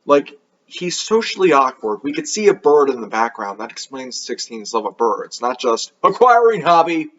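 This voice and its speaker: A man's voice: medium pitch, big pitch swings, normal speed, a bit bright, highs cut off. A man hosting an anime review video, talking in a casual, offhand, rambling way with a sarcastic edge.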